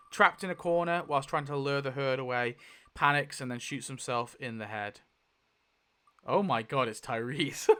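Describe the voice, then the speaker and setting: A man's voice: a little high, sharp tone, clean tone. A man hosting a casual video, thinking aloud as he goes, swearing freely and laughing often. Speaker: YouTube host. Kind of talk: casual commentary while spinning a wheel.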